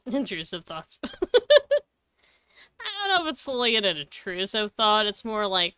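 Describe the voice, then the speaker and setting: A woman's voice: medium pitch, lively intonation, moderate pace, bright, forceful tone, clean tone, dry recording. A woman streaming a video game live, chatting casually, giggling often and swearing freely. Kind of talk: casual live gaming commentary.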